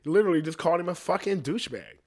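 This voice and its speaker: A man's voice: big pitch swings, racing. Profane man ranting casually. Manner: profane, rambling, laughs often; drops to a low mutter at times. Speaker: podcast host. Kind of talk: casual comedic rant.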